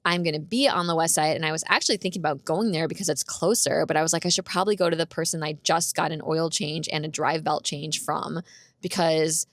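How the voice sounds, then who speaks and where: A woman's voice: low voice, steady tone, fast, fairly bright tone, no echo. A young woman telling a story in a casual vlog, chatty and full of "like", acting out what people said. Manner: chatty, full of "like", acts out quotes. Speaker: vlogger.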